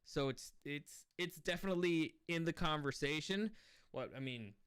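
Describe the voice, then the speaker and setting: A man talks through a movie review in a loose, casual way, often breaking off and restarting his thoughts. His voice is fairly high for a man, with a smooth, clear tone. He keeps the talk easygoing and conversational. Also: moderate pace, fairly bright tone. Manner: rambling and easily sidetracked, with many restarts. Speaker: movie reviewer and channel host. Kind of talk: casual spoken film review.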